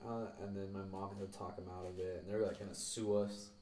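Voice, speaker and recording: A young podcast co-host tells rambling, profane stories about school, swearing and acting out the people he quotes. His low voice is flat and quick, heard over a noisy crowd in an echoey room with the mic at a distance.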